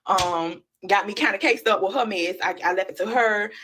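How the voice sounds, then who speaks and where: A woman, telling a casual storytime about her past to her viewers, animated and slangy. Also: mid-range voice, normal speed, a little hiss or hum. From Florida, USA. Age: 30s. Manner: animated, slangy, addresses viewers as y'all and child.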